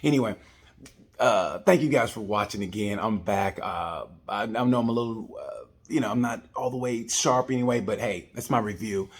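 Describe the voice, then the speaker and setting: A man's voice: lowish voice, moderate pace. Chatty man rambling through a race review. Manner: chatty, jokey, loose with nicknames. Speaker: vlog host reviewing a race. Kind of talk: casual rambling review to camera.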